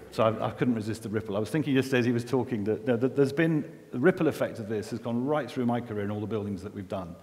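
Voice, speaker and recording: A man's voice: medium pitch, a little mellow. Middle-aged guy giving a talk, chatty, keeps restarting, voice rings round a big hall. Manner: chatty, self-deprecating, many restarts and asides. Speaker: environmental engineer giving a festival talk. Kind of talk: conference talk. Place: festival venue with long reverb. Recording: reverberant hall recording.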